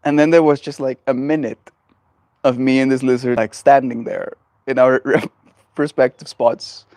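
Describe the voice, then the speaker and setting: Male livestreamer, casual porch chat, rambling and gentle, dry close sound. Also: mid-range voice, flat delivery, unhurried, no echo. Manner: rambling and gentle, heavy on fillers. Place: outdoors on a porch.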